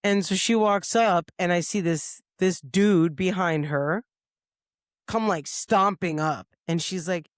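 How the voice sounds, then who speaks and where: A woman's voice: lowish voice, slow, dry recording. A woman co-hosting a podcast in a studio, telling a story in casual chat and acting out the lines of the people in it. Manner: lively storyteller who acts out quoted lines. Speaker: podcast co-host.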